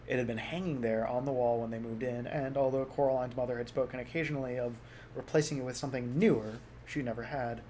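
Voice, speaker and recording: A man narrating a storybook aloud in a soft, measured reading voice. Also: medium pitch, fairly even intonation, slight background noise. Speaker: audiobook reader.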